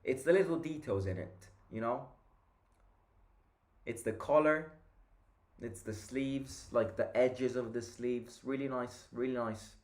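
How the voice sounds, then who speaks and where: A man's voice: mid-range voice, unhurried, pauses often. A tired man hosting a fan channel, chatting casually and reacting to the play as he watches a live match.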